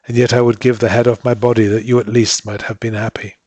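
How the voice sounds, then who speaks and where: A man's voice: mid-range voice, level tone, quick pace, darkish tone, no echo, muffled recording, natural voice. A man reading aloud and voicing a guilt-ridden young island husband who speaks in a subdued, sorrowful way.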